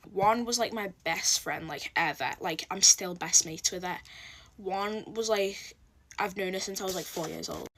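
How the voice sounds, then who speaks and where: Chatty woman telling a story. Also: medium pitch. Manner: chatty, expressive, heavy use of "like", acts out quotes. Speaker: storytelling vlogger. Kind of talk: casual storytime chat.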